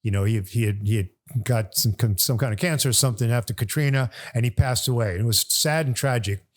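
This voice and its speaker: A man's voice: medium pitch, brisk. An older man from New Orleans, a podcast guest, telling a long story in a rambling way, restarting and repeating words as he goes. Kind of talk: casual storytelling. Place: bar.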